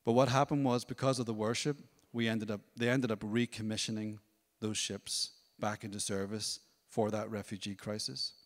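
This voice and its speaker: A man giving a testimony at a church service, telling his story in a lively way and acting out other people's voices. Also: on the low side, normal speed, hardly any pauses, in a large hall. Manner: storytelling, animated, acts out voices. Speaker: worship leader. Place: church hall.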